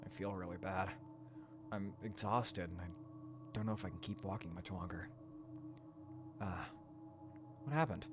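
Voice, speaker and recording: A man reading a horror dating game aloud in a quiet voice, breaking into loud, profane rants between passages. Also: low voice, measured pace, pauses often, music in the background. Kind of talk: let's play narration and commentary.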